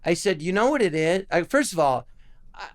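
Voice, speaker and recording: A man's voice: high voice, fairly quick. A man, a guest comedian telling anecdotes in casual chat and acting out the voices of the people in his stories. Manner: animated storyteller acting out quoted voices.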